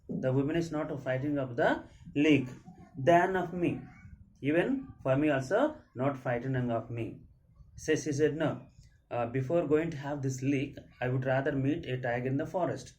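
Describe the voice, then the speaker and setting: A man's voice: mid-range voice, moderate pace, a little mellow. A man with an Indian English accent, a school teacher explaining a story to his class. He reads lines aloud and then paraphrases them, with many fillers and restarts.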